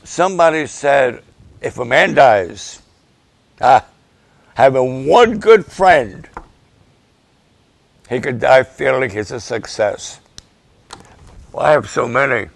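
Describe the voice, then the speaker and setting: An older man, a pastor, giving an emotional, halting update and prayers for his ministry partners. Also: mid-range voice, animated, no echo. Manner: emotional, halting, slow and gravelly.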